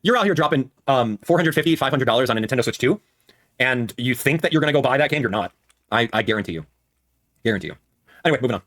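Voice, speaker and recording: A man in his thirties doing live-stream commentary, animated and repeating his phrases for emphasis. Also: medium pitch, fast. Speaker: streamer reacting with chat.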